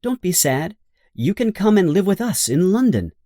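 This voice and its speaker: A man's voice: sits high, very animated, moderate pace, mellow, no echo, clean studio sound, pitched above the performer's own voice. A man voicing a caring, motherly young girl in an audiobook, speaking earnestly in a raised voice. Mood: comforting.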